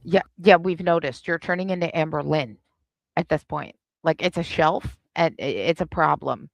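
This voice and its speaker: Snarky woman with a gravelly voice. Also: sits low, moderate pace, no room sound. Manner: sarcastic, snarky asides. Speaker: reaction streamer host. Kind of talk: live reaction stream commentary.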